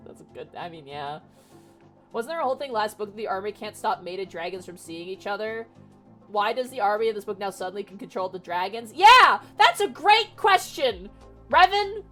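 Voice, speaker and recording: A young woman streamer casually retelling a novel for her chat, animated and exasperated, swearing freely. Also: medium pitch, a little fast. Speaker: VTuber streamer. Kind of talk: casual livestream book retelling. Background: faint music.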